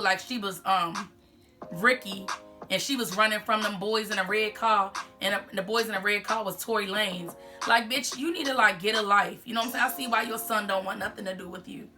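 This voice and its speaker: Candid, cursing woman vlogger over music. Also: a little high. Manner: candid, profane ranting. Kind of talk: casual mukbang commentary.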